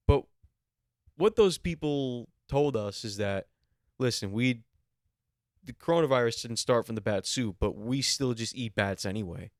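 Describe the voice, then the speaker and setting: This man has a mid-range voice and is ranting comically alone on his podcast, jumping into incredulous, raised questions. He holds a handheld mic in a small room. The recording is dry and studio quality.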